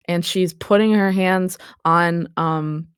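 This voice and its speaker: Sex: woman. Role: game master. Style: descriptive tabletop narration. Pitch: lowish. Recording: dry and close. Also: fairly even intonation, takes it slowly, smooth, dry recording. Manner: vivid descriptive narration, calling for dice checks.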